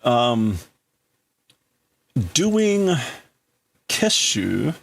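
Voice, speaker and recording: Guy on a stream working through a manga translation, slow and chatty, trailing off mid-phrase. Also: mid-range voice, very animated, vocal fry. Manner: thinking aloud, breaking up phrases, laughing at himself. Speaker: livestream host. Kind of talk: casual translating of manga on a livestream.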